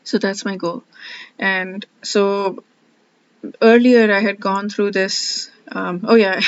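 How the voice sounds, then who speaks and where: A woman's voice: medium pitch, no room sound. A woman talking through her thoughts in a reflective personal vlog, rambling and heartfelt, often quoting her own thoughts. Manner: rambling, heartfelt, self-questioning; frequent fillers and restarts, quotes her own thoughts. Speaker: vlogger studying scripture. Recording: slightly dull lo-fi audio.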